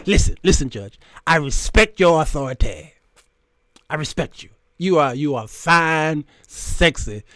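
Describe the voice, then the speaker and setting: Man doing a dramatic begging defendant, repetitive, crooning flattery, higher voice, dry sound. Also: a little slow, no echo. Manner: begging and repeating himself, crooning low when flattering. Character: pleading flirtatious male defendant, theatrical and desperate.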